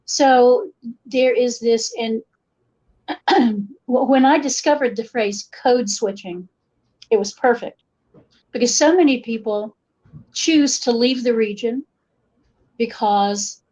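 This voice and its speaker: A woman from western North Carolina with an Appalachian accent speaks fairly high and slowly, pausing often. She's a folklorist guesting on a casual interview, telling stories with animated asides and voicing the quotes herself. The podcast audio is dull and lo-fi.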